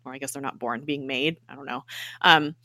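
Casual podcast co-host, woman, bright lower voice, animated retelling, dry close mic. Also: a little fast, no room sound. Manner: animated retelling, acts out characters' lines. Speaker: podcast co-host recapping a TV episode. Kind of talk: casual chat, retelling scenes.

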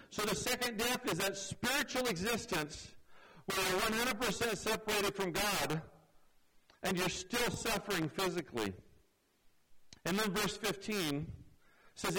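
Male preacher, high and bright, earnest delivery, drops low for emphasis. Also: a little hiss or hum, poor audio. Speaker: pastor. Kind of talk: sermon.

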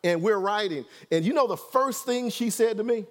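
Pastor with a fairly high voice. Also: male voice, normal speed. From Detroit, USA. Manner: conversational, keeps checking in with "right?". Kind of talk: storytelling sermon.

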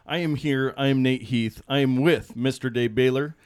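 A man's voice: mid-range voice, steady tone, moderate pace, clean tone. Man, podcast co-host, casual chat, upbeat.

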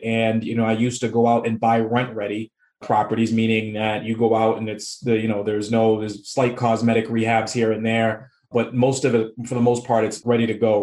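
Easygoing man in an echoey room. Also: fairly low pitch. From Boston area, United States. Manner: laughs easily, relaxed storytelling. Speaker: guest, real estate investor. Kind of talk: casual interview chat.

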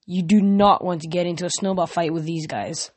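A man's voice: high-pitched, fairly even intonation, brisk, darkish tone, no room sound. A young man reading aloud, voicing a blunt, confident teenage girl in a storybook. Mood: matter-of-fact.

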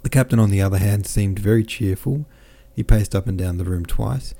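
A man narrating a classic novel as an audiobook podcast host, in a measured, steady way. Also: fairly low pitch, gravelly.

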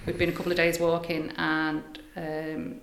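An older woman, a spiritual healer, telling stories in a casual interview, animated and dropping into hushed asides. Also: deep voice, normal speed, a little hiss or hum. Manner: animated, breathy storyteller, drops to hushed asides. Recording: echoey room.

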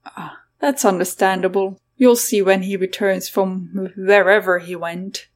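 A woman's voice: mid-range voice, steady tone, measured pace, natural voice. A woman reading the part of a blunt young woman who talks plainly and swears mildly. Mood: chatty.

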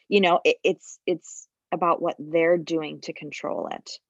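A woman's voice: lowish voice, takes it slowly, no echo, dull audio. A woman who worked as a labor nurse, telling stories in a casual podcast chat and often restarting her sentences. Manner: storytelling, restarts and repeats words, animated when quoting.

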